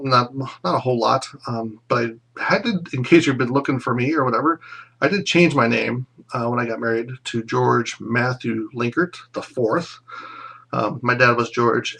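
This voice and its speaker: A man in his thirties recording a casual video message for old classmates, reminiscing in a rambling, fond way with many pauses. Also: mid-range voice, steady tone, creaky, a bit bright. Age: 30s. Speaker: former classmate sending a reunion message.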